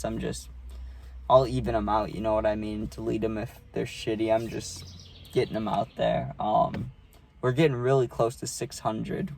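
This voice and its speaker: Young guy rambling thru a party story, swears a lot, lots of likes and rights, mid pitch. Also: creaky, darkish tone. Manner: rambling, profane, filler-heavy storytelling. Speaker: vlogger. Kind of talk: casual storytime monologue.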